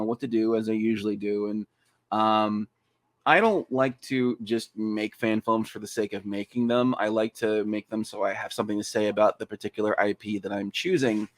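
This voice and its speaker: Speaking at normal speed in a fairly low voice, recorded with no room sound, a podcast guest talks excitedly and casually about his movie. He curses freely and performs lines in comic voices.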